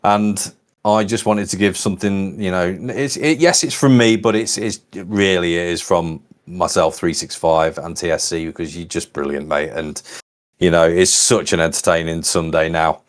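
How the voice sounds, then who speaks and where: A man's voice: low-pitched, moderate pace. A man, co-founder and host, chatting casually and rambling with plenty of "you know". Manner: rambling, warm-hearted, lots of "you know". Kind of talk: casual livestream chat.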